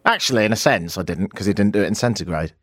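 A man's voice: on the low side, lively intonation, very fast, a bit bright, no echo, clean studio sound. A man hosting a live radio show, chatting casually in a jokey, teasing way and laughing often. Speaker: radio host. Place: radio studio. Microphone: studio microphone.

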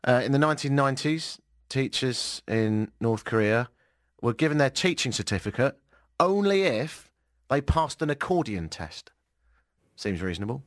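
Sarcastic radio host guy, lively up-and-down voice, dry studio sound. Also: medium pitch, moderate pace, no room sound. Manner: wry, sarcastic. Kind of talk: casual radio chat.

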